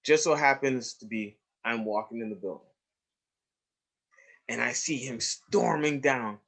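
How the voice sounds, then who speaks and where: A man's voice: mid-range voice, unhurried, creaky. An emphatic man telling classroom stories. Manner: emphatic storyteller, swings between hushed and raised, stretched phrases; addresses listeners directly with "right?" and "you see?". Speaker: trauma educator presenting a webinar. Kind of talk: webinar lecture with storytelling.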